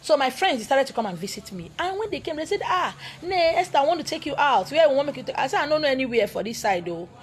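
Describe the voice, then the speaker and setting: A woman with a Nigerian accent telling a story in an animated way, slipping into Igbo and pidgin. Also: high-pitched, fast talker, hardly any pauses, a little hiss or hum. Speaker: spiritual teacher. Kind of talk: storytelling talk.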